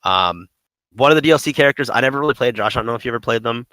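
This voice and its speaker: A man talks games on a podcast in a bright, forward voice, recorded dry and close. His speech rambles with lots of fillers and animated swings. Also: mid-range voice, rapid-fire, no echo, poor audio. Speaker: podcast co-host. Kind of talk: casual gaming podcast chat.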